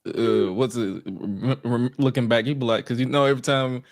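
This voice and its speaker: A man's voice: medium pitch, steady tone, normal speed, no echo, studio quality. A man co-hosting a podcast, giving wry, laid-back takes in casual chat. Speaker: podcast co-host.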